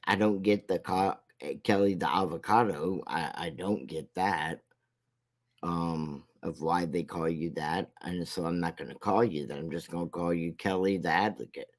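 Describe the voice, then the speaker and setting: A man giving a casual commentary rant as a vlogger, rambling and mocking, with halting restarts. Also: low-pitched.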